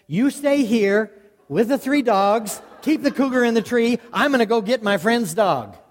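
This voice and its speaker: A man's voice: extremely high pitch, lively intonation, a little slow, voice pushed up. A man voicing his uncle, a seasoned cougar hunter who speaks in a matter-of-fact, dryly teasing way. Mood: bossy. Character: wry middle-aged male uncle, seasoned cougar hunter. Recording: long hall reverb.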